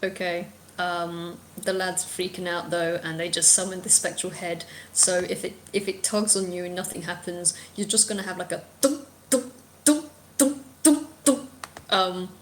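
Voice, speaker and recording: A woman's voice: on the low side, moderate pace, a little hiss or hum. Woman running a tabletop game. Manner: relaxed, hesitant, filler-heavy. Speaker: game master.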